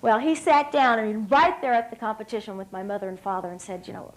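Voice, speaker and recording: Woman in her thirties from West Virginia, high and bright; upbeat, emphatic storyteller giving a podium speech. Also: lively intonation, fast, hardly any pauses, rough recording. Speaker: hall of fame speaker. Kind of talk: public speech. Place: stage at an evening banquet.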